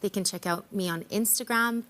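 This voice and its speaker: A woman's voice: medium pitch, moderate pace, a bit bright. A woman counsellor explaining her ideas in a friendly, conversational way during a morning news interview. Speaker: counsellor and author guest.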